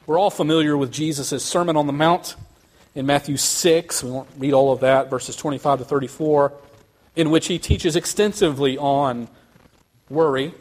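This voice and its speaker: A man preaching a sermon, speaking earnestly and building to quick, emphatic runs. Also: on the high side. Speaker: pastor.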